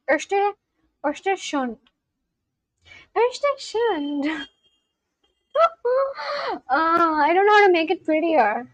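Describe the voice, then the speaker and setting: Woman streamer, bright high voice, dry close sound, chatty and giggly with her viewers. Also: no echo, rough recording. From India. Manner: chatty, giggly, reads chat messages aloud and answers them. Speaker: livestream host. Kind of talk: casual livestream chat with viewers.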